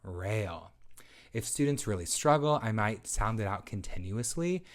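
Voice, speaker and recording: A man's voice: lowish voice, expressive, normal speed. A man who researches literacy, presenting a webinar for parents and explaining teaching routines step by step, with teacher-style prompts.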